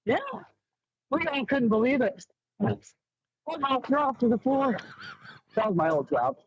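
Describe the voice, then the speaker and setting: A man's voice: very high voice, big pitch swings, a little slow. A man calling in to a radio show, telling a work story loosely with chuckles. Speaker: caller. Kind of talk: casual call-in anecdote. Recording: dull phone line.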